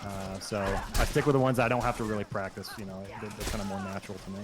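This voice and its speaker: Voice actor guest, male, lowish voice, loose rambling chat, noisy recording behind him. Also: fast talker. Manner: relaxed and rambling, with frequent fillers. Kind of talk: casual chat during a game stream. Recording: noisy background.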